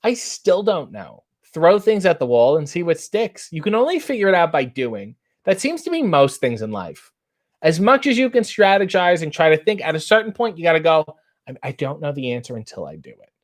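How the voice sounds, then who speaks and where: A man in his thirties, hosting a casual chat and reading out viewer comments with wry, animated delivery. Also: a little high, a little fast. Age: 30s. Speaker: host.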